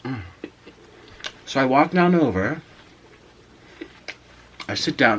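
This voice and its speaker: A young man tells a story casually to the camera between bites of food. His pitch swings widely as he talks, rising and falling with the tale. A faint hum of noise sits behind his voice. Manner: animated storyteller, pauses to eat and savour food. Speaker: mukbang vlogger. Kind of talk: casual storytelling while eating.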